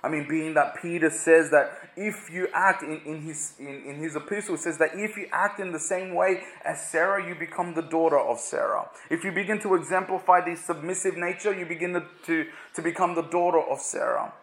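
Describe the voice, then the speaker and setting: Male preacher, slightly high voice, halting conversational teaching style, echoey room. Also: fairly bright tone. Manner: halting, repeats words, many "you know" fillers.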